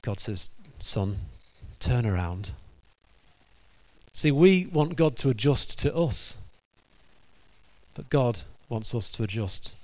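A male preacher tells a sermon story in an animated way. He acts out each character's lines as he goes. His voice sits at a middle pitch. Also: slow pace.

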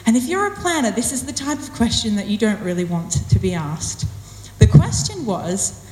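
A woman's voice: fairly high pitch, sing-song, normal speed, few pauses, warm tone. Chatty woman preaching in an echoey hall. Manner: chatty and self-deprecating, with playful emphasis. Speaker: church speaker. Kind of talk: personal sermon talk. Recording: echoey hall with long reverb.

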